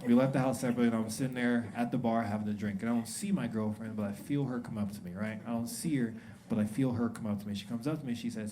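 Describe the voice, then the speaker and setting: A man's voice: medium pitch, quick pace. A young man performing a stand-up comedy set, chatting loosely, acting out quotes and laughing at his own jokes. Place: comedy club stage. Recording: live club recording with loud crowd noise. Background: loud audience laughter.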